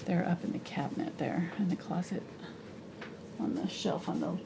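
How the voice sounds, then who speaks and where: A woman leads a live painting tutorial in a low, gravelly voice. She is chatty and explains every step as she mixes, laughing easily. A faint hiss sits under her voice. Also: moderate pace. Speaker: painting instructor.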